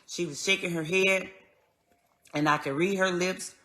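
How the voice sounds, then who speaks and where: A woman telling a personal story in an earnest, conversational way, going soft and then raised as she relives moments. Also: on the low side, fairly even intonation, unhurried. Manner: earnest, conversational, swings between quiet and raised when retelling. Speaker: vlogger.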